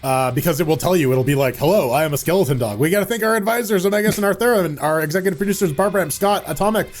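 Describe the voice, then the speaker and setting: A man's voice: high-pitched, expressive, racing, faint music behind. A man from Canada co-hosting a podcast, playful and silly in casual chat. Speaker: podcast co-host. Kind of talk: casual live podcast banter.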